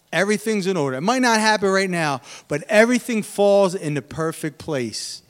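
A man preaches in a high voice, swinging between loud shouted exhortation and low, earnest teaching. He repeats his phrases and asks the congregation questions. His voice carries a long hall reverb. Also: clean tone. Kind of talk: sermon.

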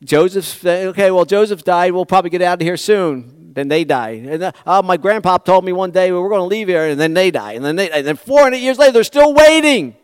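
A pastor preaching a conversational sermon, swinging from loud bursts to near-whispers. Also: male voice, high-pitched, fairly quick, few pauses, clean tone, no room sound, clean studio sound. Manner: animated, conversational preaching with dramatic swings in volume.

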